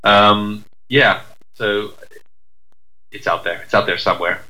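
A man co-hosting a loose, chatty conversation. His voice is bright and forward, sitting a little low for a man. He wanders through his points with fillers and restarts and pokes fun at himself. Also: steady tone, slow, low-quality recording. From United Kingdom. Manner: rambling, self-deprecating, lots of fillers and restarts. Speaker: podcast co-host. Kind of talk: casual chat.

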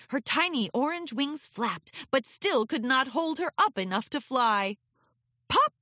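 A woman reading a children's storybook aloud with expressive, lilting narration. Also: high-pitched, a little slow, no room sound, clean studio sound. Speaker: audiobook reader.

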